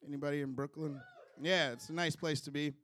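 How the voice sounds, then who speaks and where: A man's voice: on the high side, fairly even intonation, fairly quick, a bit bright. A young man from Chicago doing a loose, chatty stand-up set with crowd work, chuckling through his own jokes. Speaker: stand-up comedian.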